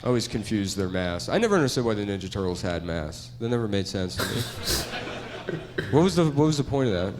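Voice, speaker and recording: A middle-aged man doing a stand-up comedy set, rambling and deadpan, laughing at his own jokes. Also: fairly low pitch, fast, noisy background.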